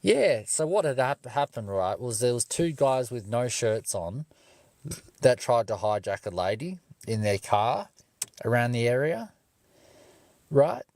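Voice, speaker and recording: A man's voice: medium pitch, a little slow, no room sound. A young man telling a story casually and with plenty of swearing on a livestream from his parked car. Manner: profane, animated storyteller.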